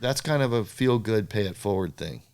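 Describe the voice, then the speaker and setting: In a relaxed interview, an older surfboard shaper spins animated stories at a normal pace with a fairly low-pitched voice. When quoting others, he performs their lines, raising his voice as he does.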